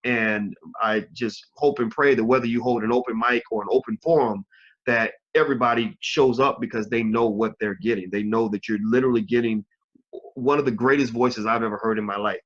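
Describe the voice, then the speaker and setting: A man hosting an online interview show, talking in a halting way with many fillers and restarts. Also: medium pitch, fairly even intonation, lo-fi sound. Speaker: host.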